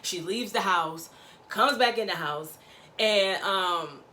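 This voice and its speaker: Bright-voiced gossipy woman recapping. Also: slow pace. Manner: gossipy, animated, slangy, acts out quotes in high voices. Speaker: reality TV recap commentator. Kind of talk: casual recap chat.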